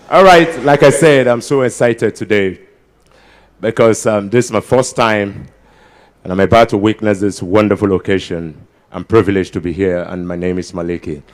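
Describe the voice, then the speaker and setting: A man's voice: lowish voice, fairly even intonation, normal speed. A man with a Nigerian Pidgin-inflected accent doing live stand-up banter as a comedian emcee at a ceremony, coaxing the crowd to applaud. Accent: Nigerian Pidgin-inflected English. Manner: jokey, switching into Pidgin, drawing applause.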